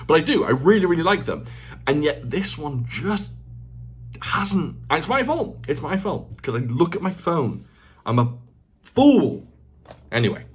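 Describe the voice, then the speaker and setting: Husky, animated man in his forties. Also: medium pitch. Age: 40s. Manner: self-mocking, ranting, swears freely; repeats phrases for emphasis. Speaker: channel host. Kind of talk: casual unscripted vlog talk.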